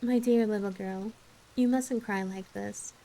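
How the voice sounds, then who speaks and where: Brief: woman doing a gentle reassuring minister's wife, storybook reading. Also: mid-range voice, normal speed, lightly acted, low-quality recording. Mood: soothing.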